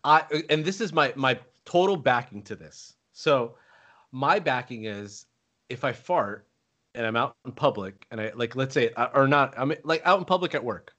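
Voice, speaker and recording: A man tells stories on a casual podcast. He gets animated and acts out the lines of the people in his stories, bouncing between his own voice and theirs. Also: mid-range voice, normal speed, highs cut off. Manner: animated storyteller, acts out quotes. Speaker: podcast host. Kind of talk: casual chat.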